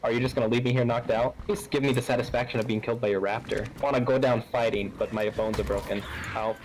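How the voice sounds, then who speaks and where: A man's voice: mid-range voice, fairly even intonation, fast, background noise. A man joking and teasing himself while talking with the host over game voice chat. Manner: joking, self-mocking. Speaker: viewer playing along.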